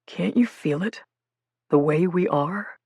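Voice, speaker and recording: Gentle young man, as a woman reads him. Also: on the low side, slow pace, slightly rough, no echo, clean studio sound, exaggerated voice. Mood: gentle, pleading. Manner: soft, gentle, pleading. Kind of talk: audiobook character voice.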